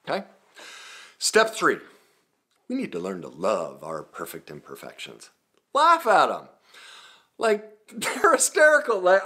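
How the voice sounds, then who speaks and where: A middle-aged man giving a self-help talk, laughing at himself and swinging from hushed earnest passages to loud animated ones. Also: fairly low pitch. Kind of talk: motivational talk to camera.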